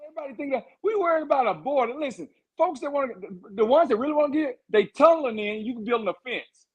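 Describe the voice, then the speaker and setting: A man's voice: very high-pitched, lively intonation, fast talker, husky, lo-fi sound. A man, a candidate for governor, giving fired-up, rambling answers in a podcast interview. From Texas. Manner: fired-up, rambling campaign talk.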